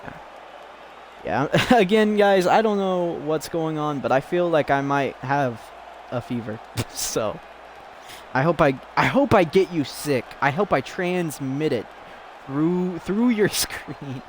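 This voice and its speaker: Male streamer-commentator, slightly high voice, slow excitable play-by-play. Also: slight background noise. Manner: excitable, giggly, rambling. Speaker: streamer commentating a fighting game.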